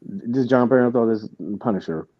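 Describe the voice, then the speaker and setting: A man's voice: medium pitch, brisk, dry recording, dull audio. A man hosting a podcast, telling a story in casual chat, with lots of restarts and asides. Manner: rambling storytelling with many restarts. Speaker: podcast host.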